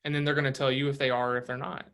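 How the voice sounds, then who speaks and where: A man's voice: mid-range voice, little pitch movement, very fast, fairly bright tone, smooth. A man leading a casual real estate training session, coaching with rhetorical questions and a frequent "right?".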